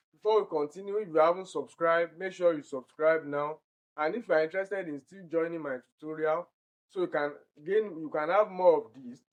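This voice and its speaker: The audio is rough, and his voice runs high. This Nigerian tutor, with a Nigerian English accent, leads an online exam-prep lesson, explaining answers step by step and slowly repeating every word so candidates can drill its pronunciation.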